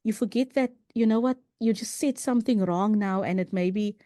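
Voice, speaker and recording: A woman with a mellow, warm voice talks earnestly as a podcast guest and tells personal stories in a loose, conversational way. She often restarts her sentences and drops in "you know." The recording is dry and close, with no room sound. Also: mid-range voice, brisk, dry recording.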